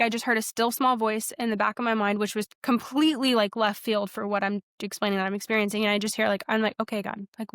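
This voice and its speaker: This is a young woman recounting her spiritual story as a podcast guest. She speaks earnestly and loosely, with plenty of fillers and restarts. Her voice sits at an ordinary middle pitch and sounds dry and close, with no room around it. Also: a bit bright, no room sound. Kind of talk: personal testimony in a casual interview.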